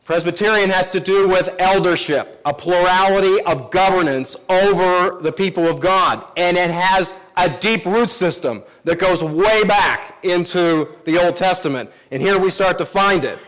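A man's voice: sits high, moderate pace, hardly any pauses, fairly bright tone, poor audio. A man, a pastor, preaching a sermon and teaching from scripture with emphatic repetition.

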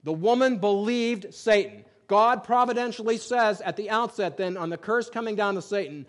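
A man's voice: high voice, normal speed, hardly any pauses. A man preaching a sermon from the pulpit in a church, reading scripture aloud and making emphatic points with plain examples. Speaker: pastor.

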